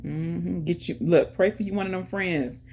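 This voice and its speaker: Gravelly-voiced woman chatting to her viewers. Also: fairly low pitch, normal speed. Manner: chatty, talks straight to viewers with lots of "y'all"; shout-outs and words of faith. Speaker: YouTube channel host. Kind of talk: casual chat to viewers. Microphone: earphones in, music playing in her ear.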